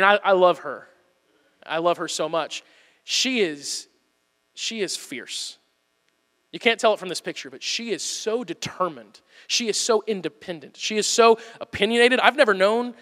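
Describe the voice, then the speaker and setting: A man's voice: high-pitched, bright, forceful tone, long reverb tail. A male pastor giving a sermon in an earnest, conversational way with emphatic repetition.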